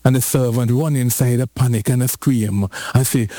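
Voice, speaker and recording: A man's voice: mid-range voice, fairly even intonation, moderate pace, hardly any pauses, mellow, no echo. A man preaching a sermon, telling the story playfully with repetition and call-and-response.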